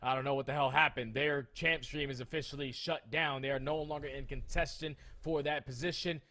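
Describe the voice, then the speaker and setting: Male esports caster, excitable and slangy, mid-pitched voice. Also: fairly quick. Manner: hyped, enthusiastic, casual slang. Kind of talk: esports desk commentary.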